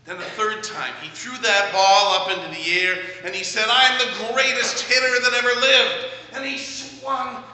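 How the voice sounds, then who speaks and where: Middle-aged male pastor, sharp tone, measured storyteller; echoey church hall from a distance. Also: a little high, slight background noise. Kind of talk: sermon. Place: church sanctuary.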